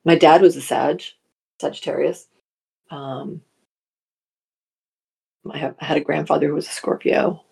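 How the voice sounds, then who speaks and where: A woman's voice: low voice, steady tone, a little slow, creaky, pauses often, mellow, slightly rough. A middle-aged woman hosting a casual live chat, reading viewer comments aloud and laughing often.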